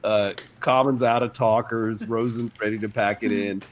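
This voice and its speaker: A man's voice: fairly low pitch, steady tone, normal speed, a little hiss or hum. A man telling a funny story in a casual chat, swearing freely, laughing often and acting out the people he quotes.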